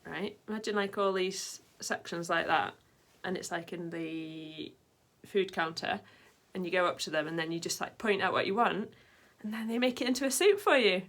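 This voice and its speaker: A woman's voice: lowish voice, moderate pace, few pauses, a bit bright. A woman vlogging in a casual, rambling way, full of fillers and side tangents. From Britain. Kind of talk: casual chat to camera.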